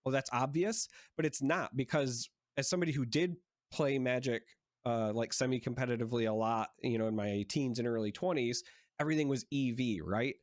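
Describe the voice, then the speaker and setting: A man's voice: mid-range voice, a little fast, no room sound, clean studio sound. A man co-hosting a podcast in casual chat, thinking aloud as he talks and often restarting his sentences. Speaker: podcast co-host.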